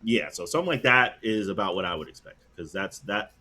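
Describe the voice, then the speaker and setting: A man's voice: on the low side, animated, fairly quick, sharp tone. A man co-hosting a podcast, talking casually in a rambling, hesitant way. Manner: rambling, hesitant, many fillers and restarts. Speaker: podcast co-host. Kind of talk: casual chat.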